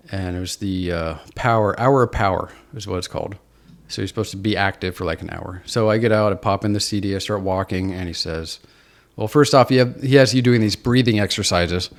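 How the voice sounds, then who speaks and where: Man, podcast guest, from Seattle, deep-ish voice, vocal fry, candid, reflective storytelling. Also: normal speed. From Seattle, USA. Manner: earnest, self-deprecating, reflective.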